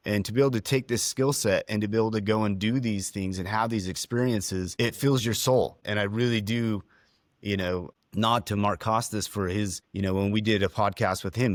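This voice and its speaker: A middle-aged man speaks in a lowish voice, earnest and visibly moved as he talks on a podcast. His delivery is heartfelt, with small restarts. The sound is dry and close. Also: no echo. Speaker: dentist and podcast co-host. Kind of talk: reflective podcast conversation.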